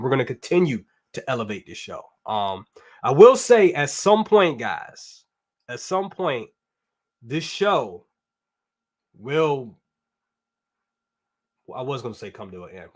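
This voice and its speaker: A man hosts a toy review live stream in loose, casual talk. He rambles and stays upbeat, with slangy phrasing. His voice sits at an ordinary middle pitch for a man. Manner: rambling and upbeat, slangy, reads chat comments aloud. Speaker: toy review show host.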